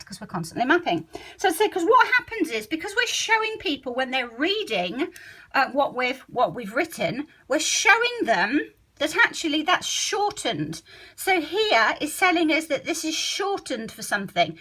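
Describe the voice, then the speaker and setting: A middle-aged woman, a literacy teacher trainer, explains a spelling method while leafing through a book, thinking aloud and sounding words out slowly. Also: high-pitched, big pitch swings, bright, forceful tone.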